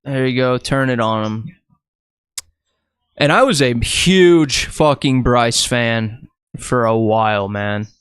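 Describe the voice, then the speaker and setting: A man in casual chat on a podcast, blunt and opinionated, his voice smooth and resonant. The sound is dry and close, with no room around it. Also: medium pitch, takes it slowly, no echo. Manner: blunt, opinionated, swears freely. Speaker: podcast co-host. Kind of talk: casual fight-watching chat.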